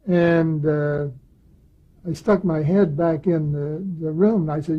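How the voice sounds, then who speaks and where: Slightly high-voiced male storyteller. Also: measured pace, lo-fi sound. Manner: lively storyteller who acts out quotes. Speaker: actor recalling an audition. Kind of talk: anecdotal interview storytelling.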